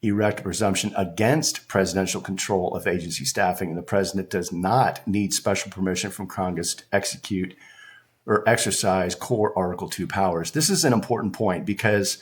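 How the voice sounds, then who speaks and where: Deep-voiced male host, relaxed explainer who talks viewers through a legal brief. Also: a little fast. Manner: conversational and explanatory, restarts and filler phrases. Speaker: political commentary host. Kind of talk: casual commentary walking through a court filing.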